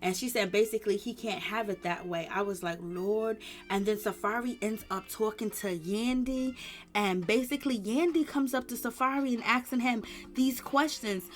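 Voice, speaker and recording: Woman, gossip commentator, high-ish voice, dramatic and repetitive in her telling. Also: normal speed, soft background music. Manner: chatty, dramatic retelling with emphatic repetition.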